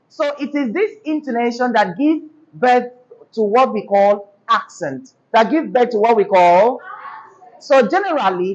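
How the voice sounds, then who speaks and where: A woman's voice: fairly high pitch, dull audio. A woman teaching a diction class, asking questions and having pupils repeat after her. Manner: call-and-response prompting, deliberate.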